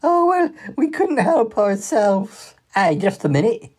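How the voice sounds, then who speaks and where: A woman voicing an excitable elderly mother with a high, warbly voice. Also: slow. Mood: delighted.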